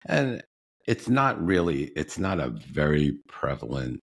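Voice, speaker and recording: A man with a Brooklyn accent hosts a podcast in relaxed, animated conversation. His voice sits very low, with a gravelly, husky texture. He talks with an easy, chatty rhythm. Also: a little slow. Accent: Brooklyn New York. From Brooklyn, New York. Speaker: podcast host. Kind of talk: casual interview chat.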